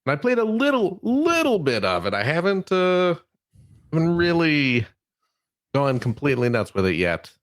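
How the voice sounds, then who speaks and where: A man's voice: a little high, wildly swooping pitch, moderate pace. A man co-hosting a podcast in casual chat, hesitant with fillers. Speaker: podcast co-host.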